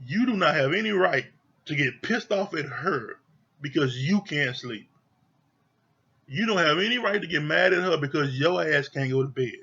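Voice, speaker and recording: A man with a slightly high, husky voice rants through a reality TV review, swearing freely and hammering each point home. He sounds fed up and emphatic, and the recording comes across dull and lo-fi. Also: pushed and bright. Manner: profane, exasperated, emphatic repetition. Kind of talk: heated review rant.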